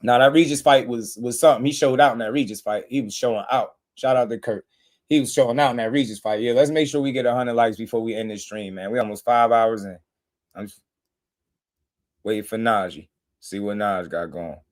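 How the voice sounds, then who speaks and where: A man hosts a live boxing stream in easy, slangy talk, with a voice that sits at an everyday middle pitch. He keeps breaking off to shout out viewers by name in casual chat. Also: fairly quick. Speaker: livestream host.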